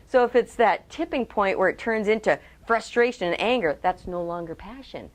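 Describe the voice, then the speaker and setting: A woman trainer giving a webcast talk on public speaking. She is lively, asks her audience direct questions and acts out quotes in changed voices. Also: medium pitch, normal speed. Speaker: communication trainer.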